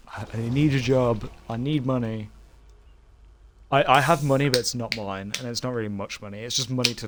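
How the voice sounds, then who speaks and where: A man's voice: medium pitch, a bit bright. Young man chatting while gaming. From Britain. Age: young adult. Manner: rambling, laughs often, many fillers. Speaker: game streamer. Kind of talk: casual chat while gaming.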